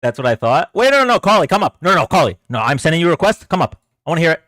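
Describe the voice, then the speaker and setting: A man with a high, lively voice argues with his livestream chat, sarcastic and exasperated. He repeats himself to press a point. The sound is dry and close. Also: very fast, dry recording. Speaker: political livestream host. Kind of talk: casual livestream commentary to chat.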